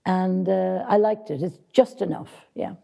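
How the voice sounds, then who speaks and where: A woman's voice: fairly low pitch, unhurried, gravelly, dark tone, slight background noise. A woman casting director answering interview questions with direct, practical advice for actors, speaking frankly.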